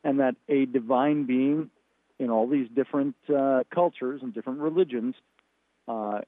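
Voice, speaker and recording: A man, a guest on a radio talk show, explaining earnestly over the phone and pausing with fillers. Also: mid-range voice, no room sound. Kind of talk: radio interview. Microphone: phone call. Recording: tinny phone line.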